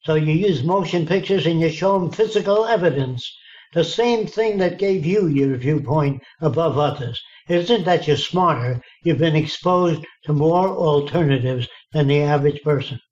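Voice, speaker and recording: Speaking at a moderate pace, this man has a fairly high pitch and a darkish tone. He recounts stories during an interview in a blunt, folksy style, acting out what others told him, and the recording is dull and lo-fi.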